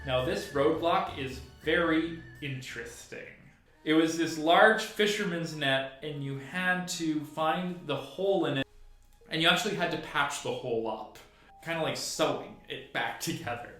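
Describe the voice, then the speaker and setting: A young man hosting a casual recap video, chatty and quick to laugh. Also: fairly high pitch, fairly bright tone, soft background music. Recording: very echoey room.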